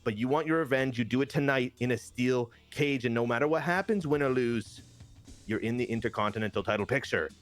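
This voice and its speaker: A man voicing a calm, matter-of-fact male general manager of a wrestling show who tries to settle a dispute. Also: mid-range voice, brisk, faint music behind, lightly acted. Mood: placating.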